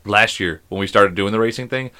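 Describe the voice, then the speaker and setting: A man in his thirties tells stories on a casual podcast. He is animated and curses often. His voice is bright and forceful. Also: lowish voice, brisk. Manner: animated storytelling, swears a lot. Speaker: podcast host.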